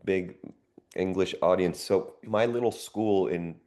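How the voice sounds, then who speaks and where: A man speaks as a podcast guest in casual chat. His voice sits very low, and he tells stories playfully and with enthusiasm. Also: a little slow, dark tone. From United States. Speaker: guest actor.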